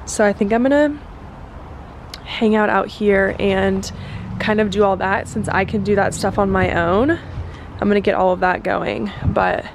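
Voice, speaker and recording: A woman's voice: medium pitch, steady tone, measured pace, gravelly. A woman chatting casually to her phone camera while outdoors, peppering her talk with "like.". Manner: chatty, lots of "like" fillers. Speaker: vlogger. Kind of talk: casual vlog chat to camera. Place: outdoors, walking streets and yard. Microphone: phone camera held by hand. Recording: phone vlog with loud outdoor traffic noise.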